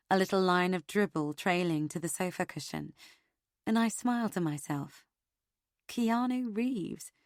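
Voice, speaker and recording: A woman reading a suspense audiobook in a dramatic, expressive narration style, with sudden rises and drops in her voice. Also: no echo, clean studio sound. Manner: dramatic, expressive reading with sharp swings in pitch and loudness.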